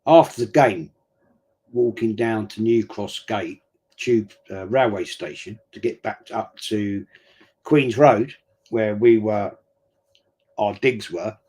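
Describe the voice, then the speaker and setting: Chatty middle-aged bloke. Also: male voice, fairly low pitch, slow, a little mellow, husky. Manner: chatty rambling storyteller, blokey slang. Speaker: watch-along streamer. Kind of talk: casual live chat during a football match.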